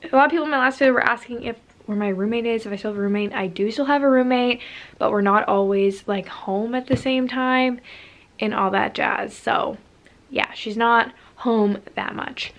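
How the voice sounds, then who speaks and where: A woman's voice: a little high, fairly bright tone, slight background noise. A young woman from Canada chatting casually through a day-in-the-life vlog at home, bubbly and laughing often. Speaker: vlogger. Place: home, indoors.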